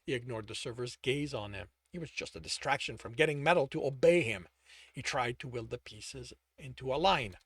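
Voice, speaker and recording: Man reading a novel with lively pitch. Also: fairly quick, no room sound, studio quality. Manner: self-correcting slips while reading. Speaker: author reading his own novel.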